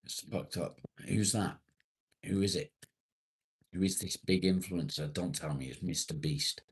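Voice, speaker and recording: This live stream host has a British accent and a low-pitched voice, and he takes his time. He reads viewer comments aloud and chats with his audience in an easygoing way, swearing casually as he goes.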